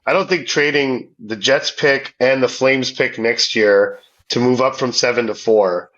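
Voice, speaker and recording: A man's voice: mid-range voice, unhurried, fairly bright tone, highs cut off. A man co-hosting a casual sports podcast, talking through his thoughts with many restarts and easy laughs. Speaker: podcast co-host. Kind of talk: casual hockey podcast chat.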